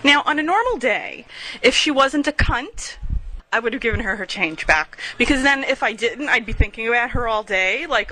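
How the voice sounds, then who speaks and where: Woman podcast host rambling on a portable recorder, kinda high voice, swears a lot, giggly. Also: animated, moderate pace, sharp tone, poor audio. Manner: chatty, profane, giggly storyteller. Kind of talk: casual rambling monologue.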